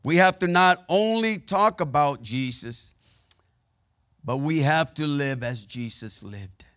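A man's voice: on the high side, animated, slow, a bit bright. A man preaching a sermon, telling personal stories in a candid, plainspoken way and checking in with the congregation as he goes. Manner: conversational preaching with call-and-response asides.

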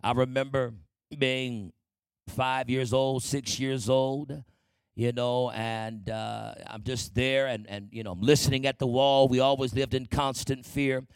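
A man's voice: medium pitch, steady tone, measured pace, clear, resonant tone, dry recording. A man telling his life story to a congregation in a church testimony, speaking conversationally and often asking the listeners for an amen.

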